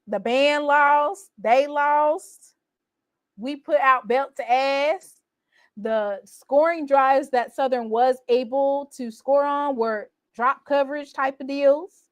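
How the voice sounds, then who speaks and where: Woman with a highish voice trash talking her rivals, hyped, dry close sound. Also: dry recording. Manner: animated, boastful, teasing rivals. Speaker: college football fan vlogger. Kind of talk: casual trash-talking recap.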